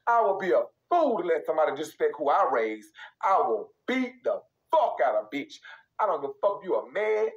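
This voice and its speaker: Fiery high-voiced young man with a drawl. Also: big pitch swings, a little fast, dull audio. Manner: fiery, profane, repetitive, emphatic. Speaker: live-stream host. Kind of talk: heated live-stream rant.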